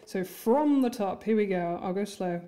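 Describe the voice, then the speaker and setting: A woman's voice: medium pitch, animated, normal speed, dark tone. A woman teaching an instrument lesson, friendly and encouraging, counting and chanting rhythm words as she plays. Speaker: music teacher. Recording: music playing under the voice.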